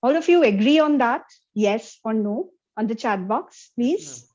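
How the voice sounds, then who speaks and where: A woman's voice: on the high side, animated, a little slow, darkish tone, lo-fi sound. A woman presenting an interactive online lecture over a video call, often checking in with her audience. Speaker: workshop presenter.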